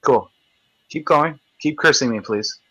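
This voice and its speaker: A man's voice: medium pitch, unhurried, a bit bright, slightly rough, no echo, dull audio. A man hosting a live video chat, ranting in a combative, profane, taunting way. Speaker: livestream host.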